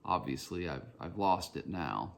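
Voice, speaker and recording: A man's voice: low-pitched, lively intonation, unhurried, creaky, slight background noise. A man with a Southern Georgia accent, hosting his own podcast in a reflective, rambling solo monologue. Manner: reflective, meandering, personal storytelling. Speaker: podcast host.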